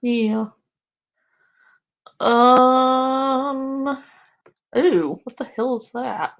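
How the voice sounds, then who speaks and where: A woman's voice: sits high, drawn-out words, muffled recording. A woman streamer chatting casually at home, swearing freely and baby-talking to her dog. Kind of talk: casual live-stream chat.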